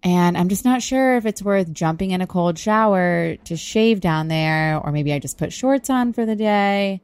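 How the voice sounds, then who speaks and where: A woman's voice: medium pitch, animated, moderate pace, darkish tone, clean tone, no room sound. A woman co-hosting a podcast from a sailboat, talking candidly and bluntly with self-deprecating humor. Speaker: podcast co-host. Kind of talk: casual chat. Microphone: podcast mic.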